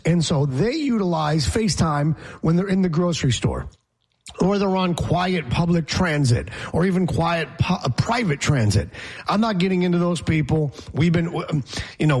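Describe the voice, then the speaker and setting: A man's voice: fairly high pitch, darkish tone, husky. A man co-hosting a podcast in casual chat, blunt and sarcastic, ranting about people's habits. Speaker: podcast co-host.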